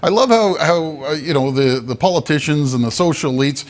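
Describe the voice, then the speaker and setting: A man's voice: fairly high pitch, brisk. A man co-hosting a political talk show, combative and sarcastic. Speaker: co-host.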